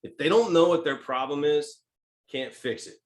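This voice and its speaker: A man with a Texan accent giving a sales training talk, emphatic and checking in with "right?" and "okay?", swinging between loud stresses and soft asides. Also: on the high side, normal speed. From Texas. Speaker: sales coach.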